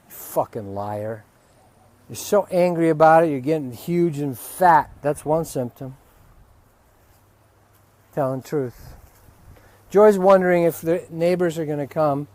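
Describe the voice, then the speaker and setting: A man's voice: a little high, unhurried, pauses often, no room sound. Profane, ranting male spiritual teacher. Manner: profane, heated ranting with sudden loud outbursts. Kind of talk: unscripted spiritual teaching talk. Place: outdoors near dogs.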